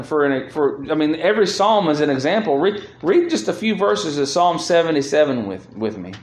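Earnest preaching man, roomy echo. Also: high-pitched. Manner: earnest preaching that swells when reading scripture aloud. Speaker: pastor. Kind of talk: sermon.

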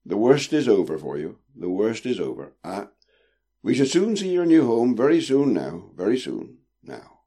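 A man's voice: fairly low pitch, very animated, moderate pace, warm tone, husky, pitched above the performer's own voice, full character voice. A man voicing a jovial, portly old ship captain with a teasing, old-fashioned way of speaking. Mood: reassuring.

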